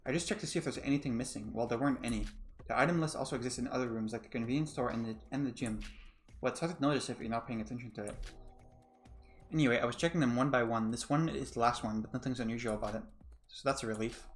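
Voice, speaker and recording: A man's voice: mid-range voice, fast, faint music behind, natural voice. A man voicing a diligent, timid young man who checks every list, speaking hesitantly and stumbling over his words as he reads game dialogue aloud. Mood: earnest. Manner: hesitant, stammering.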